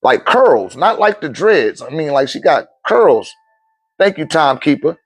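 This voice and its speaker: High, lively-voiced man telling a story. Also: unhurried. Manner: acts out the other people's voices while telling the story, casual and profane. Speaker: speaker at a live talk. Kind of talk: animated personal storytelling.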